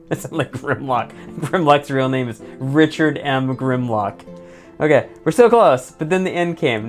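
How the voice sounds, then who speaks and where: A woman streaming a game, rambling excitedly, laughing often and reading dialogue aloud. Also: a bass voice, unhurried, faint music behind. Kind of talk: casual let's-play commentary and dialogue reading.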